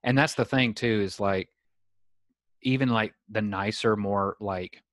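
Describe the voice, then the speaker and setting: Man, Southern accent, lowish voice, rambling storyteller, dry sound. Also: a little slow, a bit bright, dry recording. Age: young adult. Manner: chatty storyteller, many "like" fillers. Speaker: podcast host. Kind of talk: casual chat. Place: home in San Diego.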